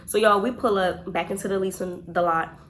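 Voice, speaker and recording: A young woman vlogger telling a storytime, chatty and animated, talking straight to her viewers. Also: mid-range voice, brisk. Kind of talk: storytime vlog.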